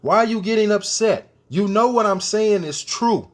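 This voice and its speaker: Male commentator with a high voice, preachy rant to camera, hammers home rhetorical questions. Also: moderate pace. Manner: emphatic, repeats rhetorical questions; addresses the viewers directly.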